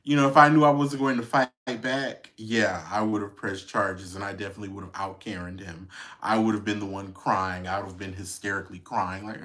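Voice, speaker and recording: Brisk and steady in tone, a podcast host with a lowish, somewhat bright voice offers casual gossip commentary on celebrity news. His manner is wry and conversational, peppered with laughter and filler words.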